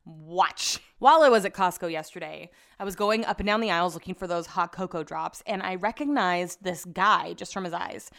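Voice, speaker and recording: A woman's voice: on the low side, moderate pace, vocal fry, hardly any pauses, a bit bright. A young woman hosting a podcast in casual chat, telling stories in an exasperated, chatty way, swearing and laughing at herself. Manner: laughs at herself mid-story. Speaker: podcast host.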